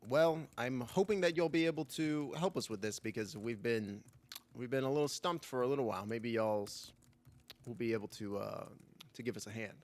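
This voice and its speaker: A man voicing a brisk, no-nonsense elven woman investigator who speaks in firm, clipped lines. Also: medium pitch, darkish tone, close to an everyday voice. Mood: businesslike.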